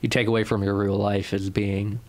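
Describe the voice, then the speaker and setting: A young man with a Boston accent co-hosts a podcast in casual banter, rambling with lots of fillers and restarts and laughing often. His voice sits on the low side, fairly flat in pitch, and a little fast.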